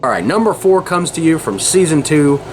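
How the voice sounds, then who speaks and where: A man's voice: fairly high pitch, big pitch swings, brisk, noisy background. A man in his forties hosting a casual podcast, rambling and chuckling often. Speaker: podcast host.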